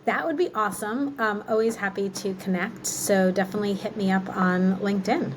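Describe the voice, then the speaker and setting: A woman's voice: mid-range voice, a little fast, slight background noise, low-quality recording. A woman answering interview questions in a candid, reflective way, dropping plenty of "like" and "um" fillers. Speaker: guest, marketing executive.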